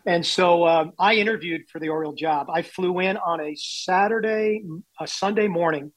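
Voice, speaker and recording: A man's voice: high-pitched, normal speed, no echo, poor audio. A man in his sixties, a baseball executive telling candid, self-deprecating stories in an interview. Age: 60s. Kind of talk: storytelling interview.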